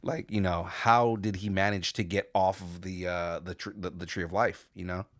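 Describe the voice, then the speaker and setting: In a clean studio recording with no room sound, a podcast co-host chats casually, rambling with plenty of restarts. His low-pitched voice holds a steady tone at a moderate pace.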